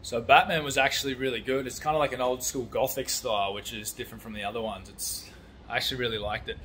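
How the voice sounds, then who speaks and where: A man's voice: medium pitch, steady tone, fast talker, bright, forceful tone, faint music behind. A man vlogging in a casual, blunt, sweary way, ranting about a film and talking about his building work. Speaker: vlogger, construction worker. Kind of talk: casual chat.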